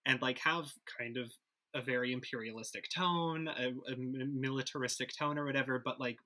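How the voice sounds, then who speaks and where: A man talks through his ideas on a podcast with a loose, wandering delivery full of fillers. His voice is very bright and forward, sitting at an ordinary pitch for a man. He sounds relaxed and conversational. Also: a little fast. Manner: rambling, hedging with likes and ums. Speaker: podcast cast member. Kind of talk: casual discussion.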